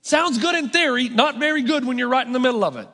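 High-voiced preacher in an echoing hall. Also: male voice, expressive, quick pace, bright, forceful tone. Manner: conversational, self-mocking humor. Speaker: pastor. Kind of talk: sermon. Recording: long hall reverb.

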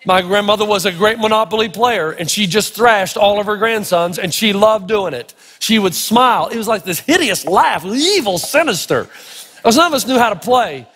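High-voiced man preaching an animated sermon. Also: moderate pace, husky, big-room sound. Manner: animated storytelling, playful. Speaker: pastor.

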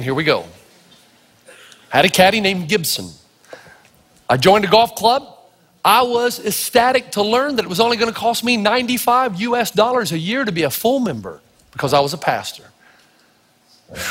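A man from Tennessee preaches a sermon in a high, lively voice that swoops up and down as he tells his stories. He acts out the people in them with plenty of energy. A long hall reverb hangs behind every word. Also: breathy edge. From Tennessee, United States. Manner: animated storytelling, acting out voices. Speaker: pastor.

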